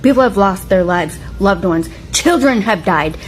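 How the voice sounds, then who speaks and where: A woman's voice: medium pitch, expressive, moderate pace, over music, low-quality recording. A woman in an angry rant to camera, furious and profane.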